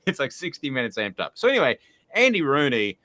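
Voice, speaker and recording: A man's voice: mid-range voice, fairly quick, dry recording. A man co-hosting a sports radio show, telling long rambling stories with lots of fillers. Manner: rambling, animated storyteller with filler words. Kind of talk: casual radio chat, storytelling.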